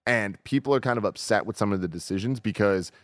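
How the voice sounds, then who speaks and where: A man in his thirties co-hosting a video game news show in casual chat, animated and jumping up into excited peaks. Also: on the low side, quick pace, dry recording, studio quality.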